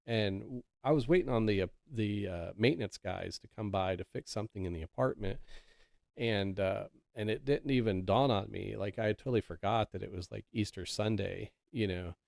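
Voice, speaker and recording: A male podcast host tells a story in a loose, rambling way, full of ums and restarts. His voice sits low with a gravelly edge. The sound is dry and close, with no room around it. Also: normal speed, a little mellow, no echo. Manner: rambling, filler-heavy, conversational. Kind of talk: casual storytelling.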